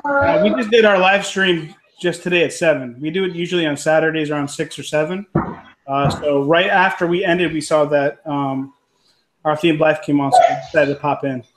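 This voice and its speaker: A man who hosts livestreams, chatting casually on a video call in a relaxed way with many fillers. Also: on the high side, normal speed. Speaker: YouTube livestreamer. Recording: echoey room with clear noise.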